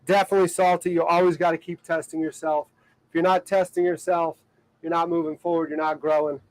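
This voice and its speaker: Fairly quick and fairly level in tone, this high-voiced livestreamer from Ohio, USA, rambles to viewers from a boat on the water. He leans heavily on "like" and fillers and laughs often, and the recording is rough.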